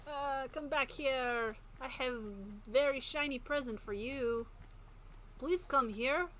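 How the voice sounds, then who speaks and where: A woman voicing a creepy stalker with an odd put-on voice and broken English, coaxing a foe slowly. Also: high voice, bright, forceful tone, slight background noise, pitched above the performer's own voice, heavily acted. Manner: coaxing, slow, in an odd foreign-sounding put-on voice.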